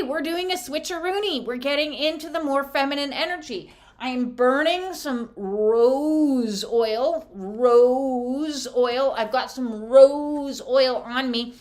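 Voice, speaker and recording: A middle-aged woman talks through an oracle card reading in a loose, chatty way. She is blunt, swears without a second thought and laughs easily. Her voice sits a little on the high side. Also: a bit bright. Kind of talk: casual spiritual card reading.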